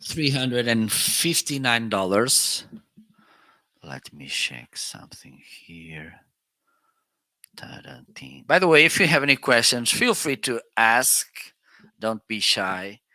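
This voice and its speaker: A man's voice: mid-range voice, sing-song, slow pace, sharp tone, dry recording. A man hosting a casual live-stream product demo, chatting and testing microphones aloud with counts and laughs. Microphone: swapping between studio microphones.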